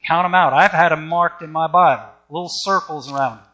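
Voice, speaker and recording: A man's voice: fairly high pitch, a little fast, pushed and bright. A man preaching a sermon with an emphatic, repetitive cadence.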